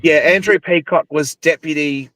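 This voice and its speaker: A man's voice: fairly high pitch, moderate pace, a bit bright, no room sound. An Australian man chatting as a guest, laid-back and agreeable, often affirming what is said. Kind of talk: casual chat.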